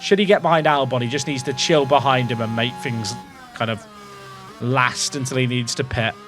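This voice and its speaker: A man's voice: mid-range voice, moderate pace, a bit bright, faint music behind. A man hosting and commenting on his racing management game, thinking aloud about strategy with wry asides to his chat.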